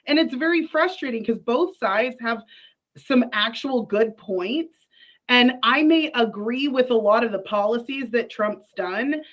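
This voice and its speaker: A woman's voice: fairly high pitch, highs cut off. A woman on a debate panel, talking in a frustrated, emphatic way about both sides. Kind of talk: heated online debate.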